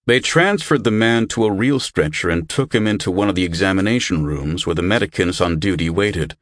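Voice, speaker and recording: A man narrating a story as an audiobook in an expressive storytelling manner. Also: deep voice, brisk, dry recording, studio quality.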